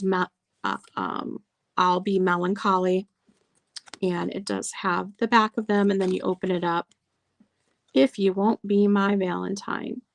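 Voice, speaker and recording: A woman with a medium-pitched voice, recorded with no echo, hosts a live sale of vintage items. She chats casually as an online seller, lingering over details and reading old card verses aloud.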